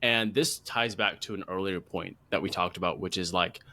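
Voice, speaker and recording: A man's voice: low voice, moderate pace, pushed and bright. A man co-hosting a podcast, chatting in an enthusiastic, conversational way. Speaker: podcast co-host. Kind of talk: casual podcast chat.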